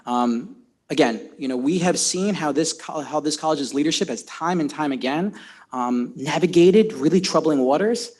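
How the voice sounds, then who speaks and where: A man's voice: mid-range voice, darkish tone. A man, a county legislator, making an impassioned floor speech at a public session, repeating and restarting words as he builds his case. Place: legislative chamber.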